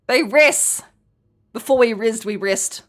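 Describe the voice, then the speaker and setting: A woman's voice: a little high, slow pace. A woman streaming a game, chatting playfully, laughing often and reading in-game letters aloud. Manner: playful, giggly, reads letters aloud with joking asides. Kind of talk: casual game let's play.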